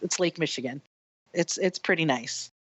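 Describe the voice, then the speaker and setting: A woman's voice: low-pitched, moderate pace, fairly bright tone, husky, dry recording. A woman from Chicago with a Chicago accent, a guest in an interview, talking with enthusiasm and laughing easily. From Chicago, United States. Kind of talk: conversational interview. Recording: dull remote call audio.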